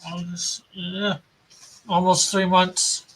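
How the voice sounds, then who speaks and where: Young man, high bright voice, unhurried stream banter while drawing. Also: slightly rough. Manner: relaxed, reads viewer comments aloud, laughs at own jokes. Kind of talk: casual live-stream chat.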